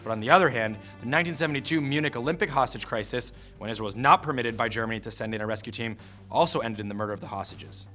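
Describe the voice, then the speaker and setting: A man's voice: mid-range voice, very fast, pushed and bright, soft background music. A man giving scripted history narration in a punchy storytelling manner with wry asides.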